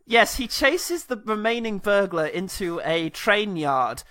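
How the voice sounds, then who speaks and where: A man's voice: sits high, big pitch swings, unhurried, sharp tone, no echo, studio quality. A man co-hosting a podcast, recapping a movie sardonically and laughing often. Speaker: podcast co-host.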